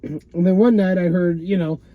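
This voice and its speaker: Rambling high-voiced man. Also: steady tone, moderate pace, no echo, narrow, tinny audio. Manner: loose and rambling, many fillers like "you know" and "man", swears often. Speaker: vlogger telling a personal story. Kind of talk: casual rambling monologue. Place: inside a parked car.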